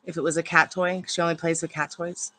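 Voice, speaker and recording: A woman's voice: fairly low pitch, little pitch movement, fast talker, bright, forceful tone, a little hiss or hum. A woman chatting casually on a live stream from her home, rambling between stories and cooing baby talk at her dogs. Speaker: tarot reader and live streamer.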